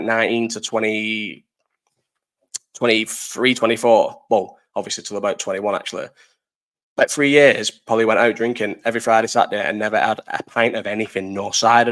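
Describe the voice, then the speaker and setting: A man's voice: medium pitch, fairly bright tone. A young man from Bolton with a Lancashire accent, hosting a live stream and chatting casually to his viewers, rambling, swearing and laughing a lot. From Bolton, North West England. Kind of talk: casual chat answering live chat.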